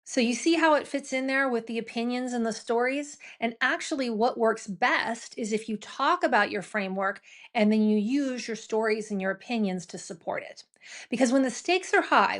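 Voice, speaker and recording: A middle-aged woman hosting a business podcast, talking to listeners in a brisk, conversational coaching tone full of "right?" asides. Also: fairly high pitch. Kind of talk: solo talk to listeners.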